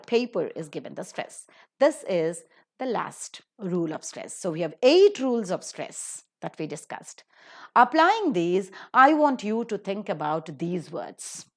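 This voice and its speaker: A woman gives a recorded lesson on English word stress. Her voice rises and falls a great deal as she drills example words slowly and with care. She speaks like a teacher walking students through the rules. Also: mid-range voice. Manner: slow, deliberate modelling of example words.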